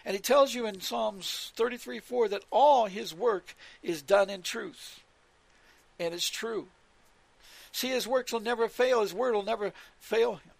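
A man preaching with a high, gravelly voice and a dry, close sound. He talks emphatically, presses his points again and again, and rattles off scripture verses. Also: a little slow, no room sound. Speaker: religious radio teacher.

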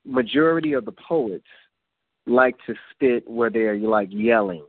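A man hosts a call-in poetry radio show, chatting in a relaxed, loose way and repeatedly saying "you know what I'm saying." His voice is medium-pitched and unhurried, with no room sound, carried over a phone line.

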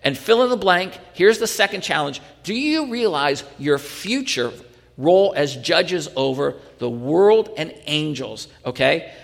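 A man's voice: a little high, animated, unhurried, vocal fry, long reverb tail. A male pastor teaching a sermon in earnest, pressing the point with rhetorical questions and restarting his sentences.

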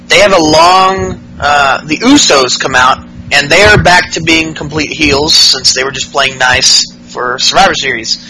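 A man's voice: a little high, measured pace, few pauses, sharp tone, poor audio. A man hosting a podcast, giving a casual, rambling and profane recap of wrestling shows, full of fillers. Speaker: podcast host.

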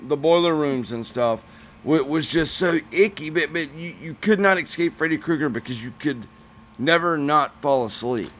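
A man co-hosting a casual podcast, reminiscing in a halting way and repeating words. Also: fairly high pitch, a bit bright, a little hiss or hum. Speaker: podcast co-host. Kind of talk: casual chat.

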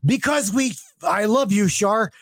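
A man hosting a call-in show, talking excitably, stammering and swearing as he goes. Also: sits high, unhurried, no echo. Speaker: talk show host. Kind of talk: casual call-in show talk.

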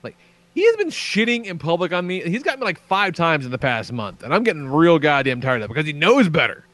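A man hosting a podcast, telling a story in casual, profane, excitable chat. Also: a little high, quick pace. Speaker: podcast host.

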